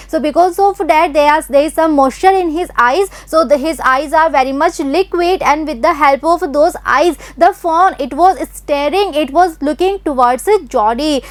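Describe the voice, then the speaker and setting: A woman's voice: very high voice, dry recording. A woman with an Indian English accent explaining a textbook story line by line as an English teacher, with lots of repeating and "you know". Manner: repetitive, explanatory, frequent "you know" and "so now finally".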